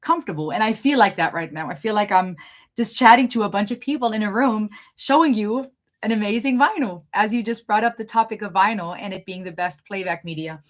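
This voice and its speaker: A young woman with a slight German accent chats through a live Q&A stream. She talks quickly and gets excited easily, in a voice of ordinary pitch. Her tone is casual and friendly, like an everyday vlog host. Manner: excitable, fast-talking, chatty. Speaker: channel host doing a live Q&A.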